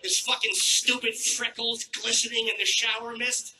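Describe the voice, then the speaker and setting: A man doing a crude stand-up routine on a theater stage with a handheld mic, brash and mock-outraged, troubled by his throat and clearing it. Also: very high voice, flat delivery, normal speed, sharp tone, slight background noise, rough recording. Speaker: stand-up comedian. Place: theater stage before a live audience.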